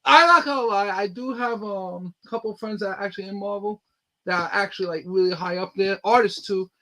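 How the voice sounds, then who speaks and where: A man with a high, bright voice talks about his own comic book in a loose podcast conversation. He rambles eagerly, with plenty of ums and restarts, his tone ringing and forward. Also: fairly quick, rough recording. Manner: eager, rambling storytelling with many fillers. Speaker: independent comic book creator, guest. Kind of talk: casual podcast chat.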